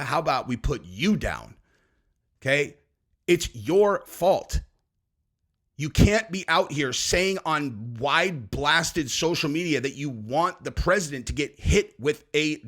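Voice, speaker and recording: A male podcast host delivers a heated political rant. His voice sits a little high, and he scolds and curses freely as he lectures his listeners. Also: fairly bright tone.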